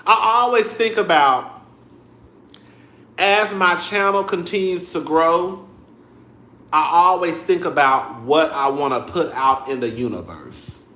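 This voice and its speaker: Sassy young guy ranting to the camera, high lively voice, echoey room. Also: takes it slowly. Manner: sassy, animated, cussing, talks to viewers as "girl". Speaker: vlogger. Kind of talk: casual commentary vlog. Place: home room.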